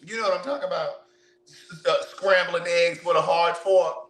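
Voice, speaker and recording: Loud, high-voiced man. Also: normal speed, roomy sound. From Baltimore, USA. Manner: loud, animated, profane banter addressing viewers as niece. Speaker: vlogger. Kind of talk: casual storytelling while cooking.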